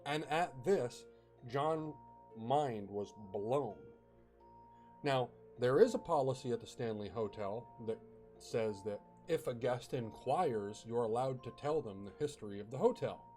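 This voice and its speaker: A man's voice: mid-range voice, animated, measured pace, warm tone, faint music behind. A man casually telling a ghost story, chatty, with fillers and bursts of dramatic emphasis.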